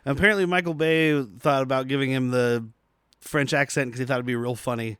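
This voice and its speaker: A man's voice: mid-range voice, fairly even intonation, a little fast, fairly bright tone, clear, resonant tone, no echo, clean studio sound. A man co-hosting a podcast, casually recapping a movie's plot and laughing often. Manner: laughs often, summarizes scenes.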